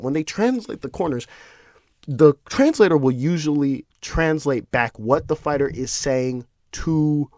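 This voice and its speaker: A man hosting his own podcast, talking casually in an animated, profane, ranting way. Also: mid-range voice, dry recording, studio quality. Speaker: podcast host. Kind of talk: casual solo commentary.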